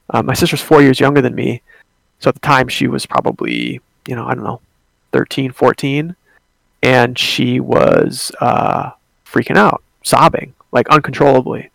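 A man's voice: mid-range voice, fairly even intonation, moderate pace, creaky, dry recording. A young man telling a personal ghost story in a casual, rambling way, with many fillers and restarts.

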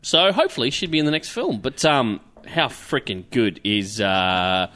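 Brief: lively, punchy male co-host, bright forceful voice, curses constantly, gushing about a movie. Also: mid-range voice, normal speed. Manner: enthusiastic, swears freely. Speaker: podcast co-host. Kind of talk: casual film review chat.

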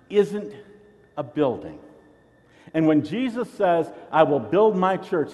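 A man's voice: fairly high pitch, a little mellow, in a large hall. A man pastor preaching a sermon, teaching in an earnest way and often repeating a word as he restarts.

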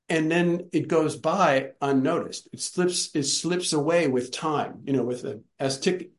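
A man's voice: a little high, echoey room. A man leading a study group, talking in a reflective, searching way that repeats and restarts phrases. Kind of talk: casual group talk.

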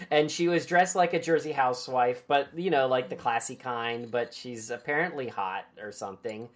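A woman's voice: rumbling low, normal speed, few pauses. A woman hosting a podcast and recapping a book chapter in casual, irreverent chat, swearing and laughing easily.

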